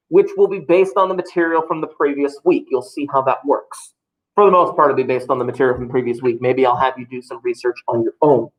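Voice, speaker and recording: A man's voice: on the high side, rough recording. A man, a teacher talking loosely and jokingly to his class in a classroom. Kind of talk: classroom talk to students.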